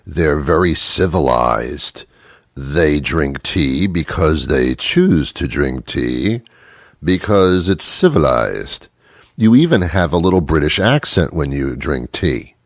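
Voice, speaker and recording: A man's voice: very deep voice, lively intonation, takes it slowly, dry recording, studio quality. A man hosting a radio show, delivering a wry, rambling comic monologue with playful asides.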